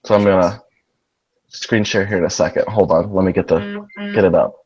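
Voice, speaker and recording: A man's voice: low voice, steady tone, moderate pace, dull audio, noisy background. A man playing a tabletop role-playing game, narrating his character's actions in a hesitant way with many fillers. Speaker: player.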